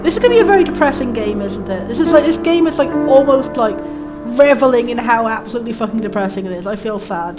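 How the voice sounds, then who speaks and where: A woman hosting a casual game playthrough, chatting in a rambling way and reading the game's text aloud in a lower, solemn tone. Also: animated, a little fast, loud music behind the voice. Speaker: let's play host. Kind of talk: casual gameplay commentary.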